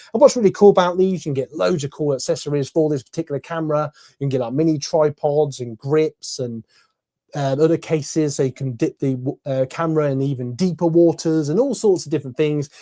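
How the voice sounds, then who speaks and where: A man's voice: fairly high pitch, warm tone. A man giving a casual, enthusiastic camera review from his bedroom, chatty and full of fillers, his voice a little tired. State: voice tiring from talking. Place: bedroom at home.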